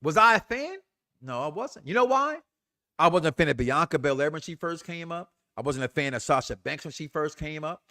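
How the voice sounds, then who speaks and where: A man's voice: on the high side, fairly quick. A man hosting a wrestling talk show, giving an impassioned commentary rant that is emphatic and full of repetition. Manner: animated, emphatic, repeats himself.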